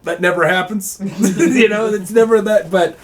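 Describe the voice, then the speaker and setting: A man chatting casually, laughing often, swearing and jumping into loud acted voices for quotes. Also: high voice, unhurried. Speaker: airsoft player. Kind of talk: casual chat.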